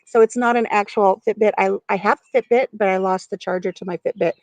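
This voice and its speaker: A woman's voice: mid-range voice, steady tone, fast, darkish tone, no echo, muffled recording. A middle-aged woman chatting casually on a live stream from outdoors on her farm porch, giggling and talking to viewers by name.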